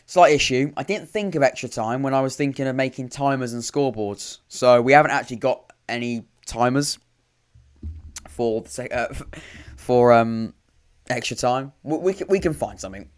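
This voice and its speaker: A man's voice: mid-range voice, moderate pace, clean tone. A man hosting a live football watchalong, chatting casually with dry, sarcastic asides and frequent restarts. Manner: rambling, self-interrupting, dry sarcastic asides. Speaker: podcast host commentating a live watchalong. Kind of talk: casual live match commentary and chat.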